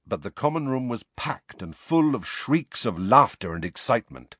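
A man narrating an audiobook in an expressive, measured storytelling manner. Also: medium pitch, slightly rough, dry recording.

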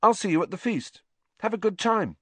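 A man's voice: mid-range voice, big pitch swings, fairly bright tone, dry recording, voice pushed up. A man voicing a glum, awkward teenage schoolboy who tries to sound casual and halts over his words. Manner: awkward, would-be casual, halting.

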